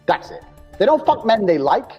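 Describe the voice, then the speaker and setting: A man's voice: sits high, big pitch swings, normal speed, lo-fi sound, soft background music. A man talking bluntly and crudely, hammering his points by repeating them. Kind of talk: casual talk.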